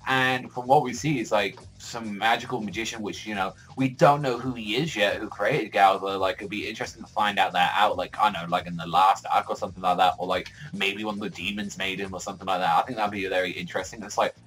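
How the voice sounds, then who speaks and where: A man's voice: fairly low pitch, steady tone, fast, hardly any pauses, fairly bright tone, poor audio. A man reviewing a manga chapter in a casual vlog, rambling with constant fillers and frequent swearing.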